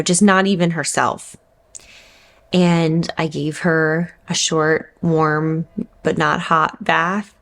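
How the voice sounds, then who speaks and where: A woman's voice: low-pitched, creaky. A woman in her thirties, a mother vlogging, telling a personal story in a candid, reflective, conversational way.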